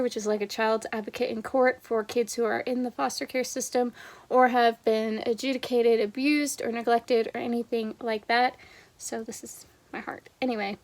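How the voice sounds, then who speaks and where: Young woman chatting about her books on camera, kinda high voice, expressive. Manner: chatty and expressive, reads passages aloud softly. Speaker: book vlogger. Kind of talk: casual reading wrap-up vlog.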